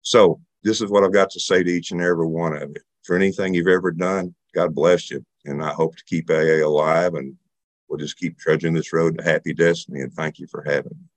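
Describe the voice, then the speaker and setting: A man's voice: sits low, steady tone, fairly quick, no echo. A man speaking at a recovery meeting, who shares his story in a conversational, joking, and earnest way. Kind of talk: personal share with a joke.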